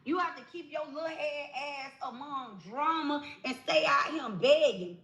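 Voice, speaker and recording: Woman, angry confrontational rant, high voice, roomy echoey clip playback. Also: normal speed, a bit bright. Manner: scolding, confrontational. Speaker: rival online creator.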